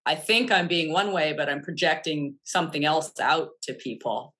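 A woman's voice: deep voice, normal speed, fairly bright tone. A woman talking casually as a podcast co-host, thoughtful and reflective. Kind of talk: casual chat.

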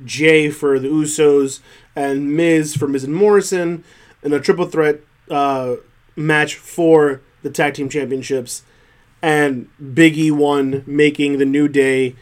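A man co-hosting a casual wrestling recap podcast, reading results and then ranting with animated, exasperated jumps in pitch. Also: slow. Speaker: podcast co-host.

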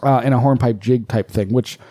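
A man with a mellow, relaxed voice co-hosts a casual podcast, rambling through explanations and swearing freely. The sound is close and dry, with no room around it. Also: mid-range voice, a little fast, no echo. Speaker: podcast co-host.

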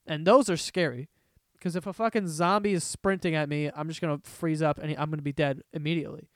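A man's voice: on the high side, steady tone, fast, no echo. A man hosting a casual solo podcast, ranting in a profane, rambling way from a room at home. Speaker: podcast host.

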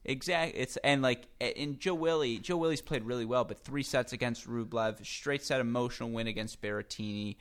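A man's voice: medium pitch, fairly quick, hardly any pauses, fairly bright tone. A young man co-hosting a sports podcast, talking in playful, jokey banter. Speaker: podcast co-host. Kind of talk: casual sports podcast chat.

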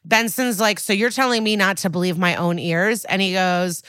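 A woman co-hosting a podcast, casually recapping a TV episode and quoting characters in lively bursts. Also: medium pitch, normal speed, clear, resonant tone, no echo, clean studio sound. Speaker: podcast co-host.

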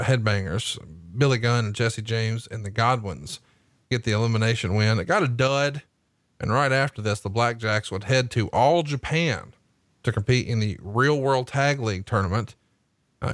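A man's voice: mid-range voice, fairly bright tone, no echo. Southern man hosting, dry close sound. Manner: profane, rapid-fire questioning. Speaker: podcast host. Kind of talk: casual podcast chat.

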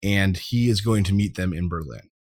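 Low-voiced man casually recapping a film. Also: no echo, clean studio sound. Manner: relaxed plot summarizer, drawn-out fillers. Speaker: podcast co-host.

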